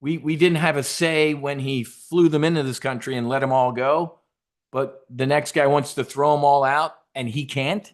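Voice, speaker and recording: A man at a mid-range pitch rants in a combative, sarcastic way, swearing often. He punches key words with sudden loud bursts. He sounds like a trading show host gone off on a tangent. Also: fairly even intonation, normal speed. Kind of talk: profane political rant.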